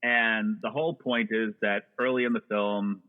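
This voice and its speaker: A man with a fairly low voice talks through old movies in a loose, rambling way, full of jokes and restarts. He comes through a narrow, tinny line that sounds like a phone call. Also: steady tone, moderate pace. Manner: rambling, joking movie talk with frequent "uh" restarts. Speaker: podcast guest. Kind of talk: casual chat.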